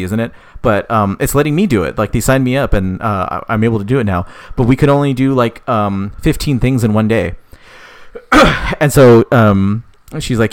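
A man casually telling a made-up story, rambling with many fillers, swearing, and voicing the characters' lines in a higher pitch. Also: lively intonation, a little fast.

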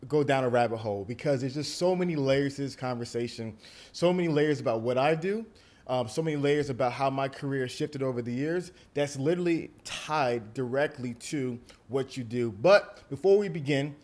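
A young man hosting a podcast, talking in an animated, emphatic way and often repeating words as he builds up a point. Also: mid-range voice, moderate pace. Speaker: podcast host. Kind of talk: casual podcast conversation.

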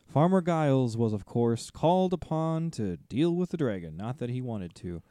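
Amused, mellow man co-hosting a podcast. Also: mid-range voice, animated, normal speed, no room sound. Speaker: podcast co-host. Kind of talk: casual chat.

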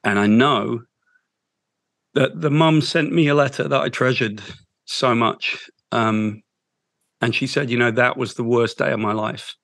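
A man, a guest in an interview, telling an emotional story in a halting, heartfelt way. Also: medium pitch, gravelly, dry recording. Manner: halting, with restarts, soft and heartfelt.

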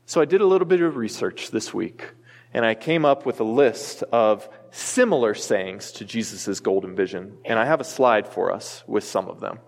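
A pastor delivering a sermon in a church, earnest and emphatic, with the odd light aside to the congregation. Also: male voice, on the low side, animated, measured pace. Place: church sanctuary. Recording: long reverb from a large hall.

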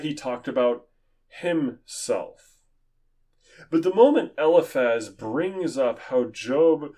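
A man teaching a Bible study sermon in an earnest, measured, explanatory way. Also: medium pitch, darkish tone.

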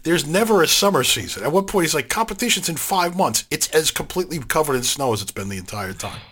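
Podcast host guy, bright voice, laughs a lot, asks the others stuff. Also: a little high, expressive, fast, breathy edge. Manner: laughs easily, leads with questions. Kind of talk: casual chat.

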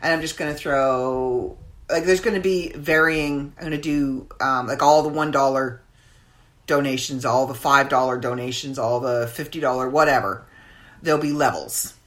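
A woman's voice: extremely low pitch, normal speed. A woman hosting her own podcast in casual, rambling chat, with many fillers. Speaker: podcast host.

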